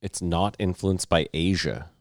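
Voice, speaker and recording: A man's voice: low-pitched, measured pace, dry recording, clean studio sound. A man co-hosting a podcast in casual chat, joking around, swearing freely and mimicking accents. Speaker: podcast co-host.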